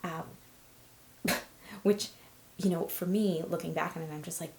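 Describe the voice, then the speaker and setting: Candid young woman with a gravelly voice. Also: fairly low pitch, steady tone, measured pace, darkish tone, reverberant, slight background noise. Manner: candid, conversational with frequent ums and laughs. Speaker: host. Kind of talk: personal storytelling vlog.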